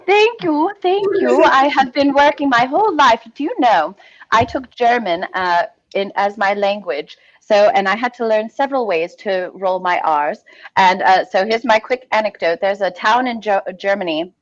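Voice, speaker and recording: A woman's voice: mid-range voice, moderate pace, muffled recording. A woman performer chatting casually at an online festival, laughing easily between remarks. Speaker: performer and poetry reader.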